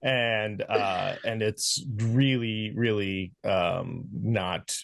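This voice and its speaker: A man's voice: fairly low pitch, steady tone, extremely slow, gravelly, dry recording, clean studio sound. A middle-aged man co-hosting a movie podcast, speaking hesitantly with many uhs and ums. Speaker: podcast co-host. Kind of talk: casual chat about movies.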